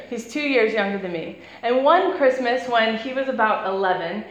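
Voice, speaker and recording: A woman's voice: on the high side, a bit bright, muffled recording. A woman in her thirties preaching a conversational sermon, chatty and breaking into laughter as she tells stories. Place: church hall. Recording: echoey church hall with faint noise.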